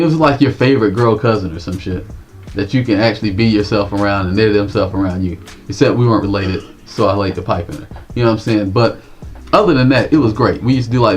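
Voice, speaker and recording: A man co-hosting a livestream talk show, telling a rambling, profane story in laid-back slang. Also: on the low side. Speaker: co-host.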